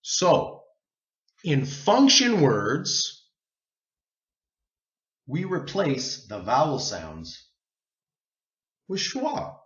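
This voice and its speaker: A man teaching an English pronunciation lesson, slow and deliberate, drawing out sounds for learners to repeat. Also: mid-range voice, a bit bright, roomy sound, dull audio.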